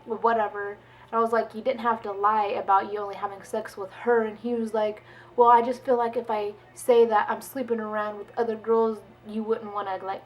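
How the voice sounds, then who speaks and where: A young woman talks through a storytime vlog in a relaxed, chatty way, acting out what everyone said. Her voice sits at a medium pitch, with faint noise behind it. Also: rough recording. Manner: chatty, animated, full of "like" and quoted dialogue. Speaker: vlogger. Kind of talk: casual storytime.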